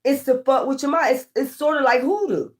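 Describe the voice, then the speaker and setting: A woman tarot reader ranting casually to her viewers, profane, animated and exasperated. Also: sits high, fairly quick.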